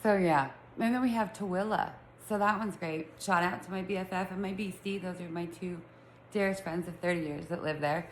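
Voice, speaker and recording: A woman's voice: lowish voice, moderate pace, echoey room, a little hiss or hum, low-quality recording. Chatty Utah woman with a lisp. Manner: chatty, rambling, self-teasing. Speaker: vlogger. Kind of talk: casual chat to camera. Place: room at home with pets.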